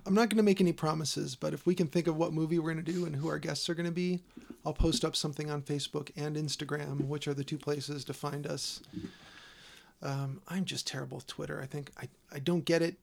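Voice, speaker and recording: A middle-aged man with a softened Chicago South Side accent, hosting a podcast in casual, jokey chat. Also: a little high, fairly even intonation, fairly quick, gravelly. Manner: jokey, laughs often. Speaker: podcast host.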